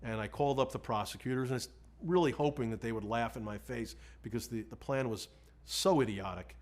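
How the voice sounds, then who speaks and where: A defense lawyer telling a story in an interview, candid and self-deprecating, often quoting himself and others. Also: male voice, mid-range voice, fairly quick.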